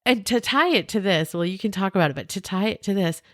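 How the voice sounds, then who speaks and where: A woman's voice: medium pitch, lively intonation, fast, no room sound, studio quality. A woman podcast host asking chatty, rambling questions and laughing easily in a casual interview. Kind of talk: conversational interview.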